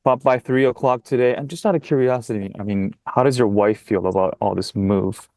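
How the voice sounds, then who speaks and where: A man in a practice sales call, polite and careful, sticking closely to a script. His voice is on the low side, heard close and dry. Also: brisk, a little mellow, no room sound. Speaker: real estate agent practicing a call. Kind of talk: role-play sales call.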